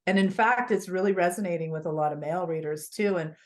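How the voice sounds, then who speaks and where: A woman guest on an interview show speaks in a notably low voice. She talks about her work in an earnest, animated storytelling way. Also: fast. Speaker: author and guest. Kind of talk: conversational interview.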